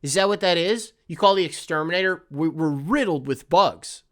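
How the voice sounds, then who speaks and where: A man's voice: a little high, normal speed, a bit bright. A man hosting a comedy podcast, rambling through absurd bits and acting out voices. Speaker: podcast host. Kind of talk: comedic solo riffing.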